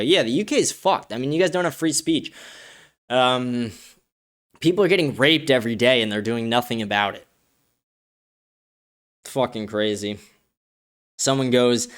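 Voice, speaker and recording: Male streamer reading chat aloud, blunt and profane, smooth clean voice. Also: medium pitch, normal speed, fairly bright tone. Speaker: show host. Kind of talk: casual livestream commentary reading chat comments.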